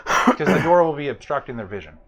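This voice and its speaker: A man playing in a tabletop role-playing game, talking in an excitable, playfully insistent way. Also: a little high, fairly quick, creaky. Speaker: player. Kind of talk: casual tabletop role-play chat.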